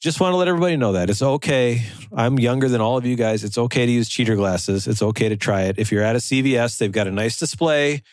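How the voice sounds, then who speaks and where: Male co-host, mid pitch, dry and close, teasing tone. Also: fast, few pauses, a little mellow, dry recording. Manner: playful, ribbing the others. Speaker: podcast co-host. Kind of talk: casual podcast chat.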